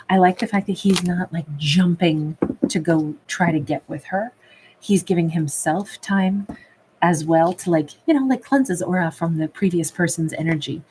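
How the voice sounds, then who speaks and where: A woman tarot reader in a casual livestream, chatting affectionately with viewers and calling them babe and love, a little rough from a recent cough. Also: on the low side, normal speed, a little mellow, a little hiss or hum. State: recovering from a cough. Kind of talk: livestream chat reading viewer comments.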